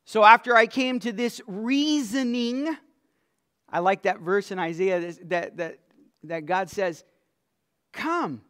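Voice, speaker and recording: A man preaching a sermon as pastor. His voice drops to a hush and then swells into loud, emphatic lines. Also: high-pitched, steady tone. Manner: swings from soft, hushed lines to loud emphatic declarations; slow and deliberate, stretching out scripture lines.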